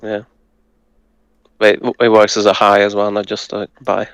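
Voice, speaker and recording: A man who speaks Hungarian natively, patiently tutoring and breaking words down slowly, with some hesitant fillers. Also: fairly low pitch, monotone, smooth, poor audio. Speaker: language tutor. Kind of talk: casual language lesson.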